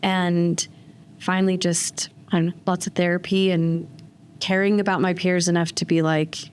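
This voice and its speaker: A woman's voice: fairly low pitch, little pitch movement, moderate pace, darkish tone, clear, resonant tone. A woman speaking candidly on a podcast about her early days in a program. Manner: candid, quoting her own past thoughts. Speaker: podcast co-guest in recovery. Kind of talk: casual conversation.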